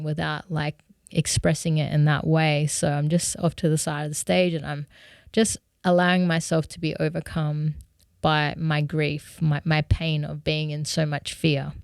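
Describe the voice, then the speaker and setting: A woman's voice: low-pitched, clear, resonant tone, no room sound, clean studio sound. A young woman recounting her stage fright in an earnest, candid way, with frequent "like" and "you know". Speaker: musician vlogger. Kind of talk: reflective personal storytelling.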